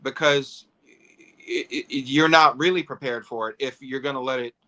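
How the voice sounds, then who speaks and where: A man co-hosting a casual toy livestream, talking in a thoughtful, measured way. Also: medium pitch, steady tone, bright, forceful tone.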